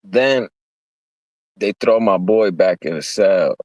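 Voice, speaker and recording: Deep-voiced man telling a rowdy street story. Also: lively intonation, takes it slowly, darkish tone, no room sound. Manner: profane, rambling street-talk storytelling; acts out quoted voices. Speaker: streamer. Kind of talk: casual storytelling. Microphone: streaming mic.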